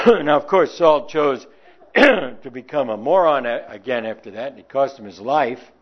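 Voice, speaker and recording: A man's voice: mid-range voice, animated, a little slow. Emphatic man preaching, lo-fi. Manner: emphatic rhetorical questions, reading old scripture aloud. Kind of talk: sermon with scripture reading. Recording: dull lo-fi sound.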